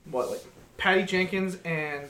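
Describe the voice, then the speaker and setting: A man's voice: high voice, steady tone, a little slow, sharp tone. A man co-hosting a podcast in casual chat, ranting animatedly and swearing often. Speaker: podcast co-host. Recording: echoey room.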